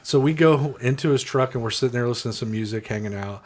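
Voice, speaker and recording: A man's voice: mid-range voice, fast talker. A man, a podcast co-host, telling a long profane story in casual chat with friends and acting out the people in it.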